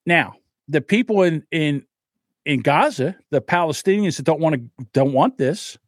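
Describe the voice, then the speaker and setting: A man's voice: on the high side, lively intonation, normal speed, no echo, clean studio sound. A man co-hosting a podcast, ranting heatedly and swearing often in casual chat. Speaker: podcast co-host.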